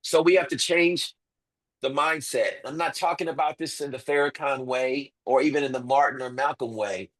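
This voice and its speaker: A man's voice: medium pitch, fairly even intonation, moderate pace, fairly bright tone, rough recording. A man as an interview guest, making his case emphatically with rhetorical questions and repeated points. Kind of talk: impassioned interview talk.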